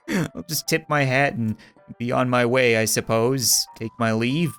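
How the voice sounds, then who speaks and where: A man hosting a casual game playthrough, rambling and joking with quick asides. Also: mid-range voice, fairly bright tone, clean tone, faint music behind. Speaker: gaming video host. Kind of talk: casual let's-play commentary.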